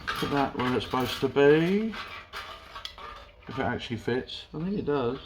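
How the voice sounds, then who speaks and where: A man's voice: medium pitch, expressive, normal speed, rough recording. A man chatting casually to camera, muttering to his work as he welds in his garage. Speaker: garage vlogger welding a pickup. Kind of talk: casual workshop chat to camera.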